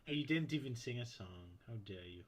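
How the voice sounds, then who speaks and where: A man hosting a casual podcast chat, teasing his co-hosts with quick quips. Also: mid-range voice, animated. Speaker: podcast host.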